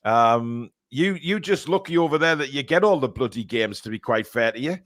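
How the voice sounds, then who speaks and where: A man's voice: mid-range voice, lively intonation, normal speed, a bit bright, no echo, studio quality. A man from England hosting a live football fan stream, chatting casually with many fillers and reading out viewer comments.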